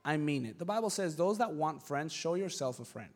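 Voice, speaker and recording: Animated high-voiced male preacher. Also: fairly quick. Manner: animated storytelling with acted voices; emphatic, rising to shouts. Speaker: pastor. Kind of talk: sermon.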